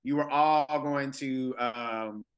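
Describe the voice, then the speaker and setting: A man's voice: medium pitch, steady tone, slow pace. A man co-hosting a podcast as a comedian, chatting casually and laid-back with lots of fillers. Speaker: podcast co-host. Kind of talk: casual chat.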